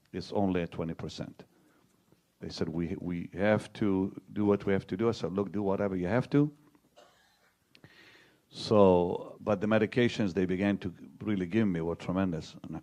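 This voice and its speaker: An older man, a televangelist, tells a personal story in a halting way, repeating words and acting out what others said to him. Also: sits low, dark tone. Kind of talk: personal testimony to an audience.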